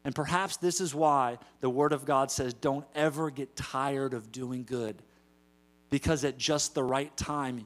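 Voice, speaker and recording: A man preaching a sermon as pastor in a church, moving between storytelling and loud emphatic calls to the congregation. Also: mid-range voice, normal speed. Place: church sanctuary.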